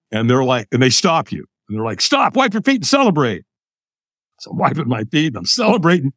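An older American man, a podcast guest, telling a personal story in an animated way and acting out the lines of other people. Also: mid-range voice, no echo, clean studio sound. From United States.

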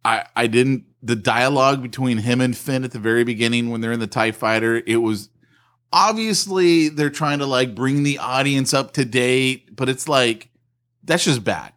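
A man's voice: medium pitch, moderate pace, fairly bright tone. A man co-hosting a podcast, giving blunt opinions in casual chat. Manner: blunt, opinionated, laughs often. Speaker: podcast co-host.

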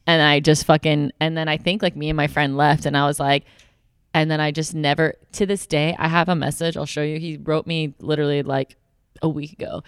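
A young woman with a low, smooth, clear voice tells a story on a casual podcast. She swears freely and slips into animated voices for the people she quotes. The sound is close and dry. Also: a little fast, no room sound. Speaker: podcast co-host.

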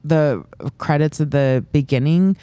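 A woman's voice: deep voice, measured pace, dark tone, no room sound. A woman comedian guesting on a live podcast, rambling and self-mocking, laughing often as she loses her words. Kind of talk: casual live podcast chat.

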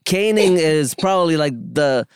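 A man in his thirties co-hosting a podcast, relaxed and matter-of-fact about his own childhood. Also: on the high side, a little slow, crowd noise. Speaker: podcast co-host. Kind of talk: casual podcast conversation.

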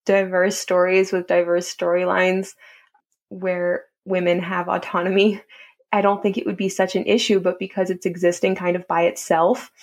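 A woman co-hosting a podcast, giving her view in a thoughtful, hedging way. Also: mid-range voice. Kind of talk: casual discussion.

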